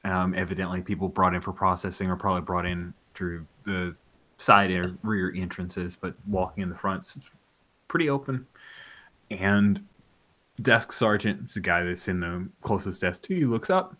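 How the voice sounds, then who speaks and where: A man narrating as game master of a tabletop role-playing game in a relaxed, meandering way. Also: low-pitched, moderate pace.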